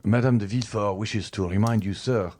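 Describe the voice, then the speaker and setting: Man voicing a deferential valet, low hushed voice, polite short replies, audiobook reading. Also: brisk, close to an everyday voice. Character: deferential male household valet.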